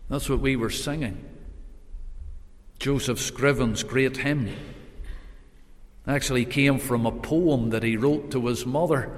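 Slow preacher in a reverberant hall. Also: male voice, medium pitch. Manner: swings between raised emphatic calls and hushed solemn passages; repetitive rhetorical questions. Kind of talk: sermon. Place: church. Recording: long reverb of a church hall.

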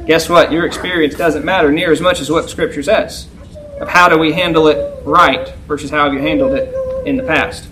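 High-voiced preacher, conversational. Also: male voice, fairly even intonation, moderate pace, noisy background. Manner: conversational, keeps asking "right?"; acts out a yelling teacher in a loud, high voice. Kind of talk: sermon.

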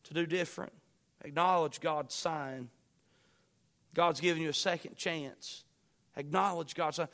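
A middle-aged man preaching a sermon, moving from quiet personal stories to loud, urgent pleading. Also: fairly high pitch. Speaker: pastor.

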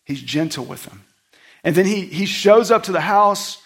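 A man preaching a sermon in a conversational style, swinging between loud outbursts and soft, hushed passages. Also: high voice, expressive, normal speed, creaky. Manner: conversational, self-deprecating preaching. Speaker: pastor.

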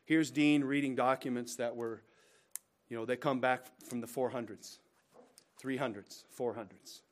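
Man, pastor preaching, mid-pitched voice, rises to emphatic bursts, sinks to hushed slow asides, rhetorical questions. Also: steady tone. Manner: addresses listeners directly with rhetorical questions. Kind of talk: preaching a sermon.

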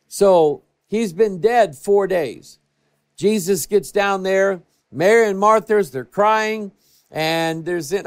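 A man pastor preaching a sermon for a TV broadcast, telling stories and moving between hushed and raised passages. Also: high voice, animated, takes it slowly. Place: church TV broadcast.

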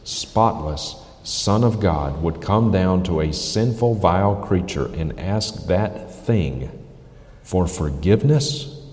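Deep-voiced man preaching in an echoey hall. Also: dark tone. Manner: emphatic, repeats for stress. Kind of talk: critical sermon commentary.

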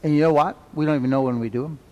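A man's voice: fairly high pitch, very fast, darkish tone, in a large hall. A man teaching a Sunday school Bible class in a folksy, conversational way, repeating key phrases and checking in with "right?".

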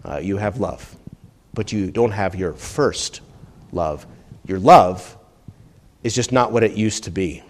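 A male pastor giving a teaching sermon, climbing much higher and louder when he reads quotations and dropping low and quiet on his asides. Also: slow pace, long pauses. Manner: teaching tone, rises sharply when quoting, drops low on asides. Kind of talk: expository sermon.

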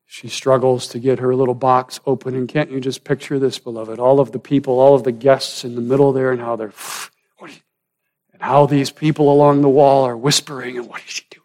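A man preaching a sermon, swinging from loud, rising emphasis down to hushed, almost whispered lines. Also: medium pitch, flat delivery, fairly quick, few pauses. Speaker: pastor.

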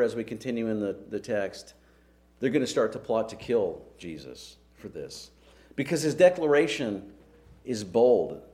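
A man's voice: medium pitch, animated, normal speed, darkish tone. Male preacher, mid-range voice, earnest and emphatic, fond of rhetorical questions. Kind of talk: sermon.

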